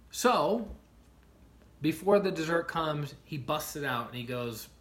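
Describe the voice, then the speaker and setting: A man with a voice pitched a little higher than most, talking casually on a livestream. He tells stories in an animated way, acts out the people in them, and keeps asking "right?" to check in with his listeners. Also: measured pace. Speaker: life coach streaming to viewers.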